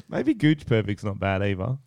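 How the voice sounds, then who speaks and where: A man's voice: lowish voice, gravelly, darkish tone, no room sound, studio quality. An Australian man in his thirties, co-hosting a podcast in casual, swearing banter with frequent laughter. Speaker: podcast co-host. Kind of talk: casual chat.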